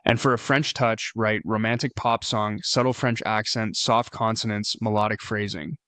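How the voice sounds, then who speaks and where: Guy doing a tutorial voiceover, lowish voice, dry close sound, steady step by step. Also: moderate pace, dry recording. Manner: steady, explicit step-by-step instruction. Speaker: tutorial narrator. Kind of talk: scripted tutorial voice-over.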